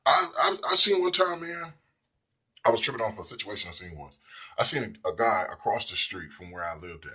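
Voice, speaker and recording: A man's voice: lowish voice, animated, brisk, pushed and bright, breathy edge. A man telling a personal story in a loose, rambling way, now and then acting out the people in it. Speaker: speaker telling personal stories. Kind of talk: casual storytelling monologue.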